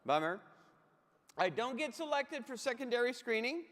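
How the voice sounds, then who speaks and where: A man's voice: very high-pitched, expressive, moderate pace, fairly bright tone. A middle-aged man giving a comic motivational keynote, telling punchy stories with asides to the audience on a stage mic in a large conference hall. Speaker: keynote humorist. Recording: echoey hall reverb.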